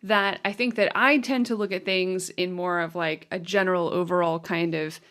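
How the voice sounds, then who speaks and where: A woman's voice: on the low side, steady tone, normal speed, fairly bright tone. A woman co-hosting a podcast, chatting casually and bluntly about a film and laughing along. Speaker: podcast co-host. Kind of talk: casual film review chat.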